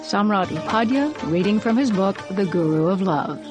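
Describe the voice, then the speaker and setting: Woman, radio host, crisp announcing, mid pitch, music behind. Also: animated, moderate pace.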